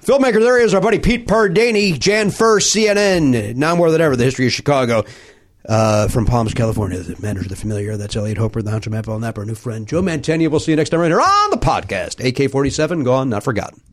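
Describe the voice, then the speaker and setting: A man hosting a podcast in casual chat, dropping quick interjections and rattling off the credits at the end. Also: mid-range voice, big pitch swings. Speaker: podcast host.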